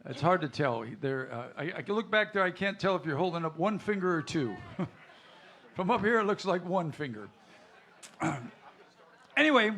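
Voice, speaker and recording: An emcee at a live country music show jokes with the crowd, rambling with many uhs and laughing at his own punchlines. His voice is high, sharp and animated, at normal speed with frequent pauses.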